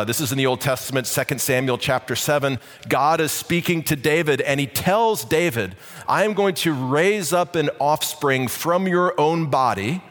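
Male pastor, mid-pitched, chatty sermon full of "uh"s, echoing sanctuary. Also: fairly bright tone. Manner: conversational preaching with many fillers and restarts.

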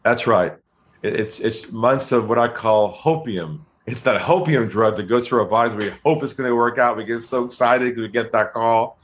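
A man being interviewed as a sales trainer, telling stories in a calm, deliberate way. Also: mid-range voice. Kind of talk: podcast interview storytelling.

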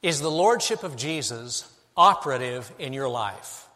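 A middle-aged man, a pastor preaching a sermon, moving between hushed, intimate passages and emphatic, rising declarations. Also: medium pitch, animated, measured pace. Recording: long hall reverb.

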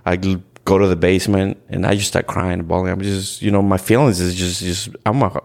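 Deep gravelly man. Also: little pitch movement, a little mellow. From Ecuador. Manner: earnest, halting, with repeated restarts and "like". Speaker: podcast guest. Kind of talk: candid storytelling in conversation.

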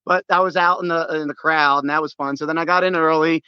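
A man telling a sports story in casual chat, excitable and full of restarts, acting out his own shouts. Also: on the high side, quick pace, clean tone, dry recording, highs cut off. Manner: many restarts and repeated words.

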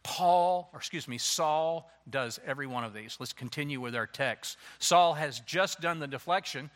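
A man preaching a sermon as a pastor, animated and slipping into playful voices to act out excuses. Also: fairly high pitch, moderate pace. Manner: animated, acts out quoted excuses in changing voices.

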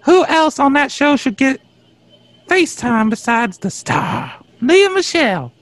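A man's voice: very high-pitched, expressive, measured pace, fairly bright tone, dry recording. A man on a comedy podcast bit, talking in a pompous, mock-indignant way over a call. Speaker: co-host. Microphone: call audio.

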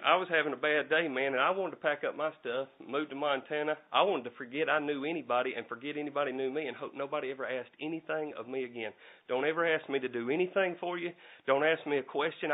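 A man's voice: medium pitch, fast. A middle-aged man preaching a folksy storytelling sermon, repeating and restarting his words. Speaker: lay preacher. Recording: tinny phone-like recording.

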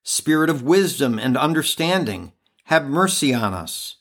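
A man leading a podcast prayer devotion, reading and reciting a litany in a measured, reverent way. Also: on the high side, very animated.

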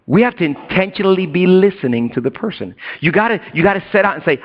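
A middle-aged man preaching a sermon as a pastor, chatty and casual, who swings from loud, high bursts to hushed, low asides. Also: lively intonation, fast. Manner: casual slang and asides to the congregation. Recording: dull lo-fi recording.

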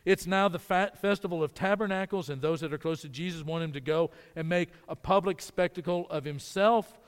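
A man's voice: on the high side, a little fast, clear, resonant tone, big-room sound. A man preaching a sermon, emphatic, repeating words as he builds a point.

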